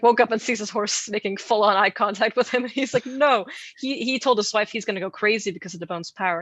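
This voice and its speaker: Woman, podcast co-host, animated, playful asides, dry close sound. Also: medium pitch, no echo. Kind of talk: casual chat, telling folklore.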